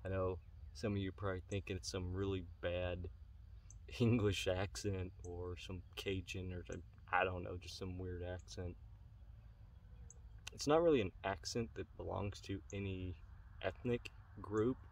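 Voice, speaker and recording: A man hosting his own pipe-smoking channel, talking earnestly and haltingly to his viewers in a casual vlog. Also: low-pitched, steady tone. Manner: earnest, halting, many pauses. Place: outdoors on a rural property. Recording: distant mic, faint outdoor noise.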